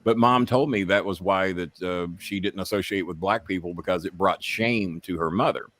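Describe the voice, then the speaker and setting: A man's voice: low-pitched, moderate pace. A man who is a podcast guest, telling candid stories in a profane, impassioned way that grows heated as he rants. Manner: profane, impassioned, animated when ranting. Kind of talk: candid storytelling.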